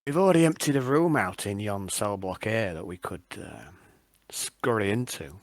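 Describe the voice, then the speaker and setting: A man's voice: lowish voice, lively intonation, moderate pace, dry recording, studio quality, pitched below the performer's own voice. A man playing a simple, wary prisoner who follows his brother's plans, speaking in a Yorkshire accent and hesitating often. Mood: agreeable. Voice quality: hesitant, stammering. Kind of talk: tabletop role-play in character.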